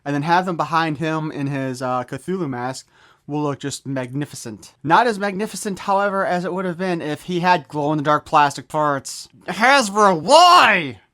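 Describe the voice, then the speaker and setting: Joking, slightly high-voiced man reviewing toys. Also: normal speed, a bit bright. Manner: joking, rambling, offhand swearing. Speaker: toy reviewer. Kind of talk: casual unboxing review.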